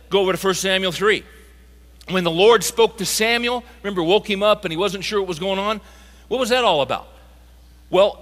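A man preaching a sermon, animated and rising to emphatic peaks. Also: high-pitched. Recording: live talk in a reverberant hall.

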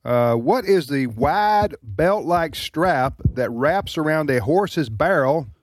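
A man's voice: on the high side, lively intonation, slow, dry recording, clean studio sound. A man hosting a trivia segment on a radio show, joking and rambling with fillers. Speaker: radio host. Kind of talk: casual on-air banter. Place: radio studio.

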